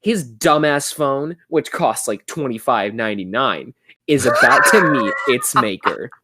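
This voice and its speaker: A young man voicing a goofy teenage skater boy narrating a 90s commercial, with slow, drawn-out pauses. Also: mid-range voice, lively intonation, very noisy, close to an everyday voice. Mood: mock-dramatic. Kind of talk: podcast bit.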